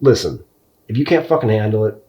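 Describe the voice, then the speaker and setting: A man's voice: fairly low pitch, sing-song, fast talker, warm tone. A man talking bluntly and profanely in a casual podcast conversation, wandering off topic. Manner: tangential, loses his thread. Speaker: podcast co-host.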